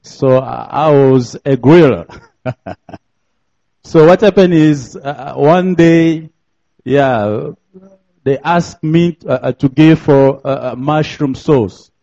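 A young man from DR Congo, a native French speaker with a French accent, preaches a sermon as a guest in a church. He speaks slowly, repeats phrases, and laughs often, his fairly high, mellow voice showing vocal fry over dull audio.

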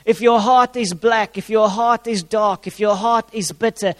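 A man preaches in a high, light voice, driving his points home by repeating them. His words ring out with a long echo, as if he stands in a big hall. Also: steady tone, measured pace, fairly bright tone. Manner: repeats key phrases for emphasis, uses props. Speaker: pastor. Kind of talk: sermon.

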